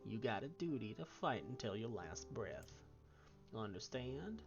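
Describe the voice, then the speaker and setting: A man voicing a feisty, blunt old grandmother with a Southern drawl, gruff and scolding. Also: fairly low pitch, sing-song, unhurried, dull audio, over music, heavily acted. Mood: stern tender.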